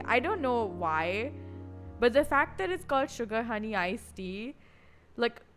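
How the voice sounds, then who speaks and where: A woman's voice: on the high side, fairly bright tone. A woman streaming casually, rambling and chatty with lots of filler words. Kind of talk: casual live-stream chat.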